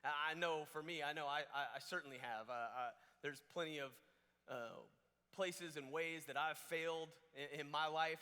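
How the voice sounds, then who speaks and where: A young man from Georgia telling a story as a camp speaker, animated and full of restarts and fillers, in a large auditorium on a stage mic. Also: a little high, smooth. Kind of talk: storytelling sermon. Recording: long hall reverb.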